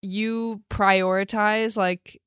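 A woman's voice: mid-range voice, level tone, very slow, a bit bright, clean tone, dry recording, clean studio sound. A young woman hosting a casual chat, talking in an earnest, reflective way with many filler words.

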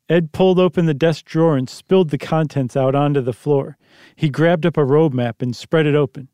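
Guy reading a story out loud, kinda high voice, dry close sound. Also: moderate pace, clean tone, no room sound. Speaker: story reader.

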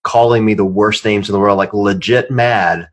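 A man's voice: on the low side, fairly even intonation, normal speed. A man hosting a podcast, chatting casually, joking and swearing freely. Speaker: podcast host.

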